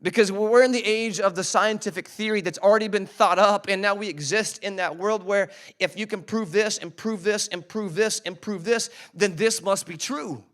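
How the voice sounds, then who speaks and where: A man preaching a sermon in a conversational way, slowing down to stress scripture and asking the congregation to repeat after him. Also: high voice, a bit bright. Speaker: pastor. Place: church service.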